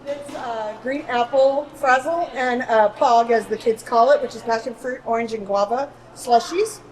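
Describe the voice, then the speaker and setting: A woman's voice: fairly high pitch, normal speed, low-quality recording. A woman on the cafeteria staff, giving brief, matter-of-fact answers.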